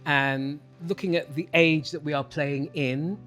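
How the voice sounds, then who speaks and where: A woman's voice: low-pitched, steady tone, unhurried, fairly bright tone, faint music behind. A woman stage actor in a cast round-table chat, talking in an emphatic, expansive way.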